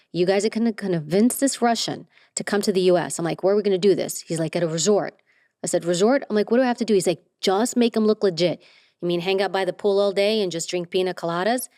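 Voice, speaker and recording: Middle-aged woman guest, lively storyteller who acts out dialogue, average pitch, dry close sound. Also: fast, no room sound. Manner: animated, acts out quoted dialogue. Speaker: interview guest. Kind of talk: casual storytelling.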